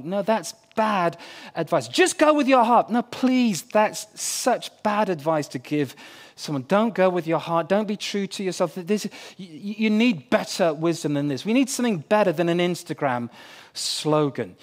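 A man preaching a sermon in a conversational way, putting questions to his listeners. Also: high-pitched. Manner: conversational, asks the crowd questions.

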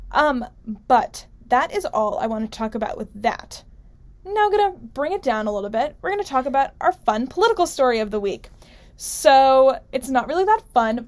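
A young woman hosting a radio show, giving casual, wry political commentary full of fillers and restarts. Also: on the high side. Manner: chatty, filler-heavy, wry.

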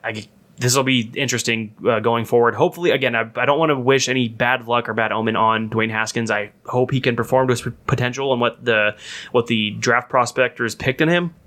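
A man hosting a casual podcast, talking loosely with lots of restarts and stray laughs. His voice is bright and forward. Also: mid-range voice, steady tone, brisk. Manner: rambling, laughs often, many restarts. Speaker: podcast co-host.

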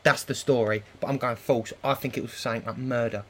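A man co-hosting a podcast, loud and boisterous, swearing in casual banter. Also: mid-range voice, steady tone, a little fast. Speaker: podcast co-host.

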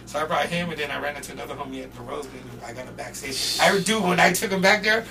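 A young man from Portland, a podcast guest, telling loose, profane stories in casual chat and shouting when he quotes people. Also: fairly high pitch, fast talker, vocal fry. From Portland, Oregon. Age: young adult. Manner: loose, profane, animated storyteller who often shouts when quoting people. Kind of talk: casual storytelling. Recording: distant mic with faint noise.

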